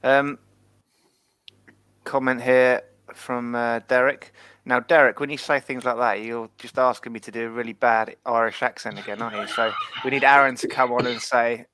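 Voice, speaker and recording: A man's voice: medium pitch, level tone, normal speed, sharp tone. A man hosting a casual football fan podcast, joking with his co-hosts and reading out viewer comments. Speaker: podcast host.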